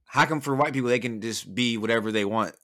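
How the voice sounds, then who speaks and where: Bright-toned profane young man chatting. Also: medium pitch, fast. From Southern California. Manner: loose, profane, animated storytelling. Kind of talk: casual chat.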